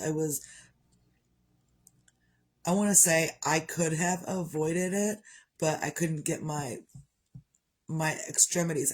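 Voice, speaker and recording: A vlogger speaks frankly to camera in a rambling personal monologue, her low voice a little mellow. She swears freely and coughs now and then.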